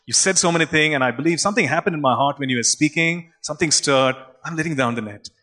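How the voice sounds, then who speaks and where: A man's voice: fairly high pitch, quick pace, long reverb tail. A male preacher voicing Peter, a tired, impulsive fisherman, in an emphatic retelling. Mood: earnest. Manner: excited, emphatic storytelling.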